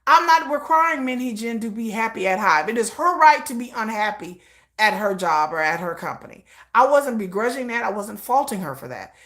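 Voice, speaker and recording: A woman hosts a livestream with a fairly high voice, giving casual commentary. She talks bluntly and with emphasis, dropping slang and profanity and laughing often. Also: very animated, brisk, a bit bright. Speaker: livestream host.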